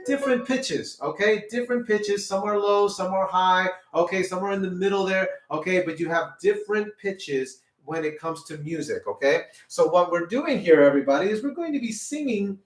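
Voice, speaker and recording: A man's voice: high voice, animated, normal speed, hardly any pauses, roomy sound, far from the mic. A man teaching children a music lesson, encouraging and repeating "okay?" after nearly every point. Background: piano.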